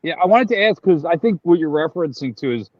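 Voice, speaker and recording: A man's voice: a little high, expressive, fast talker. A man co-hosting a panel talk, speaking emphatically and with indignation. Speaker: co-host. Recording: dry, dull lo-fi sound.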